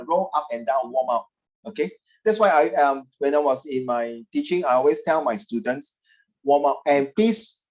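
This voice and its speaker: A man's voice: on the high side, darkish tone. Man, Singaporean English accent, chatty, teasing, tutor on a video call, dull lo-fi sound. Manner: chatty, teasing, puts on voices of parents and students. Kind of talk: online class teaching.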